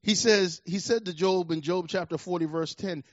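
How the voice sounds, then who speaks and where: A man with a fairly high voice preaches a sermon as a pastor, stressing his points and circling back to repeat key phrases. His voice sounds close and dry, with a slightly dull, muffled recording quality. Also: moderate pace, no echo.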